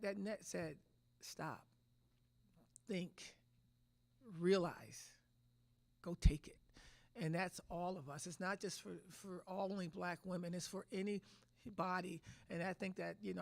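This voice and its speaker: A woman's voice: fairly low pitch, steady tone, unhurried, creaky, long pauses, no room sound. A middle-aged woman head coach answering press conference questions with emphatic, restarting speech. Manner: emotional, repetitive restarts, emphatic.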